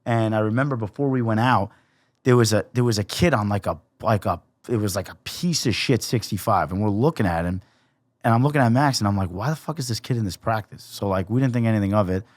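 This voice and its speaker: A young man, a podcast guest, telling a story in a casual, profane, animated way and acting out the quotes. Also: on the low side, fast talker, no room sound, clean studio sound.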